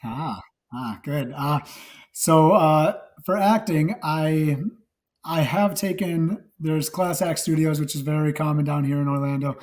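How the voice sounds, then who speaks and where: A man from Wisconsin talks as a guest in a relaxed interview. His voice is low and a little raspy, and it sits a touch higher in pitch than most men's. He rambles, circling back with fillers and restarts. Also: a little slow. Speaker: guest actor and nurse. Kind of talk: casual interview chat.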